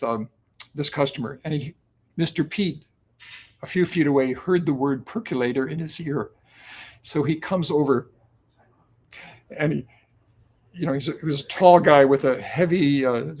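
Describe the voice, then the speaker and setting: A man in his seventies, a guest on an interview show, telling long stories in a relaxed, anecdotal way with many ums and uhs. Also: a little high. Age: 70s. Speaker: guest, company cofounder. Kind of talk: conversational storytelling.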